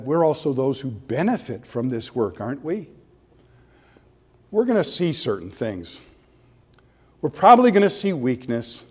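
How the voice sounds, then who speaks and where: Man preaching a sermon in a reverberant hall. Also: a little high. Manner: earnest, rhetorical questions, rising animation. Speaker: pastor.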